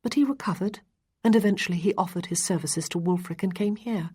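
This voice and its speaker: An earnest, steady Regency lady, read by a woman narrator, speaking in a measured way. The voice is low and slightly breathy, as in a storybook reading.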